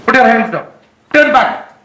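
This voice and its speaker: A very high-voiced man with a bright, sharp tone, lecturing a class. He is stern and commanding, repeating his orders over and over. The sound is echoey, as in a large room. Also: animated, unhurried. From India. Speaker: motivational trainer.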